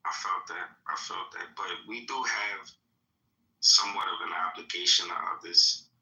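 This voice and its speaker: Bright, distant man with formal phrasing. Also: deep voice, fairly even intonation. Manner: measured, oddly formal phrasing. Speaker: guest. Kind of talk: casual chat. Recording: distant, echoey mic.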